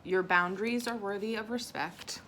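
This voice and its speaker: Steady in tone and mid-range in pitch, this woman speaks at normal speed with a little hiss or hum audible. Vlogging an unboxing at home, she reads affirmation cards, emotional and self-conscious, a bit teary from crying, and soft and tearful at times.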